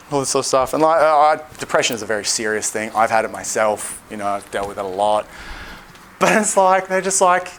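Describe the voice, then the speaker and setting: A man's voice: mid-range voice, fairly even intonation, quick pace, a bit bright. A young Australian man giving a seminar talk as a dating coach, blunt and profane, acting out quotes in a livelier voice. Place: seminar room.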